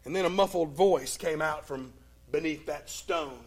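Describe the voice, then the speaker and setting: With a fairly high-pitched voice, a man preaches a sermon and retells a Bible story. He uses dramatic pauses and swings between loud and hushed.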